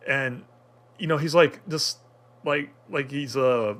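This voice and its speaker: A man's voice: medium pitch, slow, a bit bright. A man talking through an anime episode in casual review commentary, rambling with many fillers and restarts.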